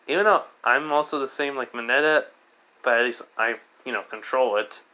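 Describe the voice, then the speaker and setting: A man's voice: medium pitch, moderate pace, bright, forceful tone, lightly acted, low-quality recording. A man voicing a goofy, slangy young male student. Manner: loose, slangy.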